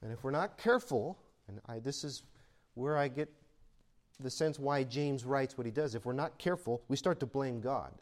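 A man's voice: medium pitch, normal speed. A man preaching a sermon in a conversational style that swells into emphatic peaks. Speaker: pastor.

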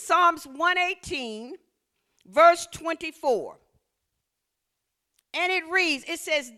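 A woman preacher delivering a sermon with call-and-response, slipping into sing-song scripture reading and building to shouts. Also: high-pitched.

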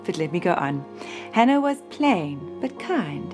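A woman telling a Bible story to a child in a gentle, expressive manner. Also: fairly low pitch, a little slow, faint music behind.

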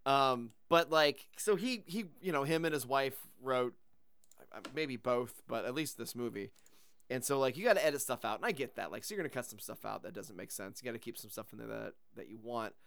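A man's voice: mid-range voice, fairly quick, creaky, smooth, no echo, studio quality. A man guest on a podcast, chatting casually and animatedly about a movie and its comic. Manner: animated, comparing film to the comic. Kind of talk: casual chat.

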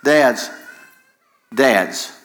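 A man's voice: medium pitch, very slow, a bit bright. A man preaching a sermon in an impassioned way, repeating phrases for emphasis. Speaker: pastor.

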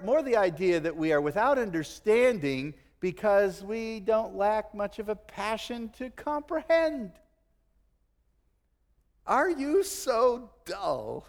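Animated preacher guy, middle-aged, voice swoops all over, acts out quotes. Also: sits high, in a large hall. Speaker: pastor. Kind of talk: sermon.

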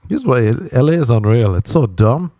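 A man's voice: medium pitch, big pitch swings, moderate pace, warm tone, no room sound, studio quality. An Irish man in his thirties hosting a podcast, rambling through a sweary, self-mocking comic monologue. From Ireland. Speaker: podcast host. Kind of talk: casual comedic monologue.

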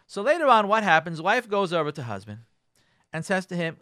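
A man's voice: high-pitched, brisk, dry recording, studio quality. A man speaking as a rabbi in a radio talk on marriage, acting out both sides of family quarrels and using Hebrew and Yiddish words. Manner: animated, acts out both sides of arguments.

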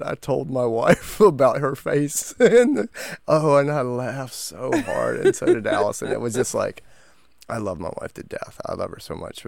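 A man's voice: mid-range voice, gravelly, dry recording, studio quality. A man in his forties, co-hosting a podcast, telling a family story with lots of laughter. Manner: animated storyteller, laughs often. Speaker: podcast co-host. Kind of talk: casual chat.

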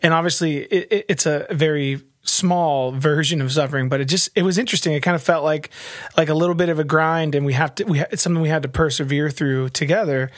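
A chatty man co-hosting a church podcast, his voice sitting a little high. He laughs often and restarts his sentences. The sound is dry and close, with no room echo. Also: fairly even intonation, fast. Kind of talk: casual chat.

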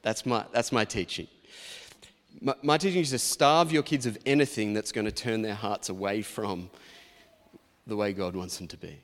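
A man's voice: lowish voice, normal speed. A man in his forties, a pastor giving a sermon in a chatty, anecdotal storytelling manner. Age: 40s. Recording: long reverb of a large hall.

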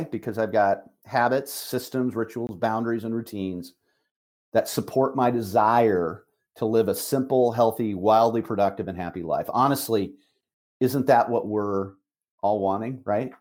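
Speaking on a call, a middle-aged man who works as a managing broker gives a forceful motivational talk, hammering key phrases with slow, deliberate emphasis. He has a lowish voice with a darkish tone.

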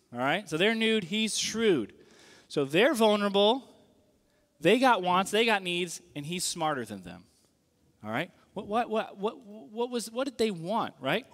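A man delivers a sermon with a fairly high voice that leaps and swoops in pitch. He talks in a casual, animated way and keeps checking in with his listeners. The sound carries the long reverb of a large hall. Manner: animated, conversational, asks the audience questions. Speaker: pastor.

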